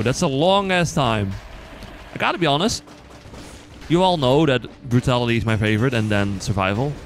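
A man with a non-native accent chatting casually to viewers while playing, quick to excited outbursts and joking at himself. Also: medium pitch. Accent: non-native English accent. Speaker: gaming channel host. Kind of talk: casual let's-play commentary.

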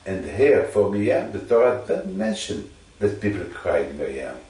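Religious teacher, male, low voice, halting and repetitive delivery, heard from a distance. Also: very animated, warm tone. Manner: halting, repeats phrases for emphasis. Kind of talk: informal Torah teaching to a listener. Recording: echoey room, distant mic.

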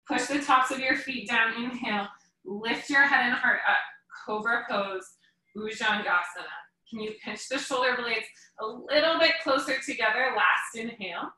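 Echoey yoga teacher cueing breaths. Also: female voice, on the high side, far from the mic. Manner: calm step-by-step cueing in short phrases. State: slightly out of breath. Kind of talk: guided yoga class instruction. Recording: echoey room, voice from away from the mic.

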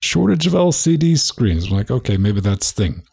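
Low raspy gravelly guy rambling through tech news, keeps saying man. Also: big pitch swings, moderate pace, darkish tone. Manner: rambling, repeats words, says "man" a lot. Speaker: podcast co-host. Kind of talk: casual tech chat.

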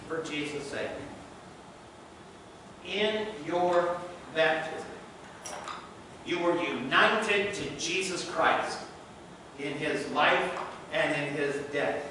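Slow, bright-toned pastor preaching in an echoey church. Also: male voice, on the high side, a little hiss or hum. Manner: emphatic preaching full of rhetorical questions. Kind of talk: sermon. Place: church sanctuary. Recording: echoey church sanctuary from a distant mic.

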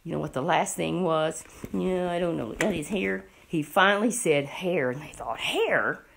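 A middle-aged woman telling a Bible story to children, animated and often asking the listener questions. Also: on the low side, moderate pace, creaky, slight background noise.

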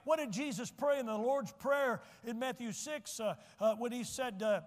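Man preaching, high-pitched, folksy asides, repeats key lines, church reverb. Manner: folksy, joking asides, repeats points slowly. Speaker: pastor. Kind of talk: sermon. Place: church sanctuary.

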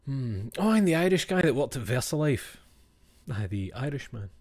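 A man's voice: mid-range voice, big pitch swings, normal speed, a little mellow. A Scottish man chatting casually with his stream viewers, swearing and laughing, and often dropping to a whisper for asides.

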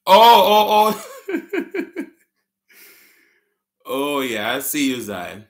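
A man's voice: on the high side, huge pitch swings, drawn-out words. A man with a Jamaican accent hosting a casual live stream, reading viewer comments aloud, answering them and laughing often.

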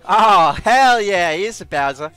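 Young Australian man, game streamer, excitable, swearing, lively swooping voice, bright tone. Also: high voice, measured pace, clean tone, no room sound, faint music behind. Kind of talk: live stream reaction.

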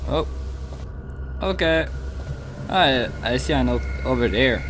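A young man giving casual let's play commentary, yelling and cursing at the game between goofy asides. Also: medium pitch, lively intonation, takes it slowly, slight background noise. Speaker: gamer playing on video. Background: game music.

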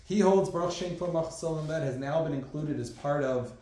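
A man's voice: fairly high pitch, a little fast, warm tone. A man giving a conversational class as a rabbi, with many fillers and asides. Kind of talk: classroom lecture. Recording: very echoey room.

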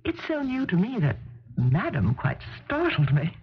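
A woman's voice: on the low side, huge pitch swings, a little slow, slightly rough, full character voice. An actress playing a gracious, clever young newlywed woman in a 1970s radio drama, speaking in a gracious, lilting way. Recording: muffled old radio broadcast with faint hiss.

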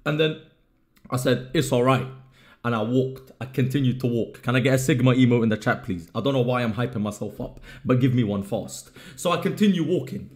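A man's voice: mid-range voice, brisk, darkish tone. A young man streamer casually telling a story to his live chat, joking and swearing freely.

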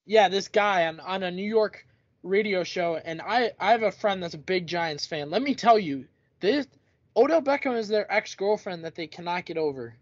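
A young man co-hosting a casual sports podcast, talking in an animated way and mimicking the people he quotes. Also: sits high, moderate pace, no room sound. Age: young adult. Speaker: podcast co-host. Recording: dull lo-fi dry recording.

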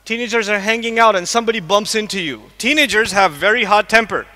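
A man from the United States, probably middle-aged, giving an animated religious lecture to a live audience, asking it questions and quickly reciting Arabic verses. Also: high voice. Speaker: Islamic lecturer. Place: large lecture hall. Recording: long hall reverb.

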